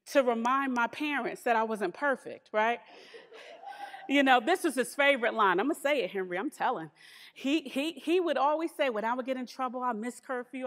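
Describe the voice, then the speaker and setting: A woman preaching a sermon in a church, lively and humorous, with emphatic asides. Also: high-pitched, long reverb tail.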